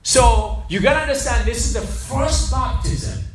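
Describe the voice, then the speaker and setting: A male pastor preaching a lively sermon, firing rhetorical questions and calling on the congregation to respond. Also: very high-pitched, a little slow. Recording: echoey hall, mic far off, music behind.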